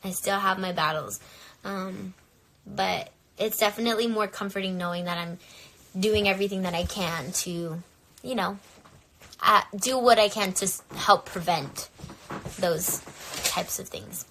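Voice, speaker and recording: A woman's voice: medium pitch, a little slow, a bit bright, slight background noise. A young woman talking candidly into her phone on a live stream, rambling and peppering her speech with "like.". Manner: candid and rambling, full of filler "like". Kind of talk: casual live-stream chat.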